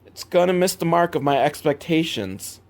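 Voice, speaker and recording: A young man giving a comedic movie recap, rambling and sarcastic, with sudden jumps in pitch. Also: animated, moderate pace. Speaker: movie reviewer.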